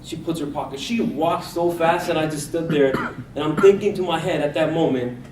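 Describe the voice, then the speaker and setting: A man from India gives a storytelling speech at a contest and acts out the voices of the people he met. His voice sits a little high and carries an echo, as if he is recorded from across a room. Faint ambience hums behind him. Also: a little fast, darkish tone, distant mic, a little hiss or hum. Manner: personal anecdote with acted-out quotes. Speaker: contest speaker.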